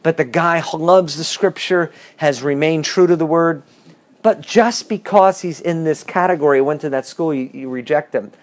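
A man leading a bible study, reading verses and explaining them with lively questions to the class. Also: a little high, normal speed. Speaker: bible teacher.

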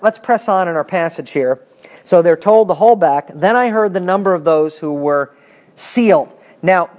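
A man in his fifties teaching a Bible class in a conversational lecture style, animated and chatty with asides to his students. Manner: animated, pitch swinging up when emphatic.

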